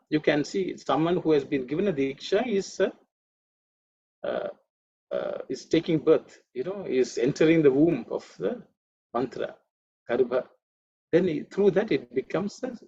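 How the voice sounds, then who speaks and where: A man teaching an online Sanskrit class, explaining chants slowly, repeating words and adding "okay" and "you know" often. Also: a little high, a little mellow, highs cut off, a little hiss or hum.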